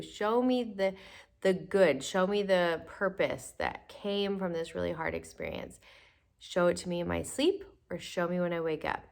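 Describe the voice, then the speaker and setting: Gravelly, soothing woman leading evening prayer. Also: lowish voice. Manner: slow, soothing, coaxing, with audible sighs and breaths. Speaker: guided prayer leader. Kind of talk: guided evening prayer meditation.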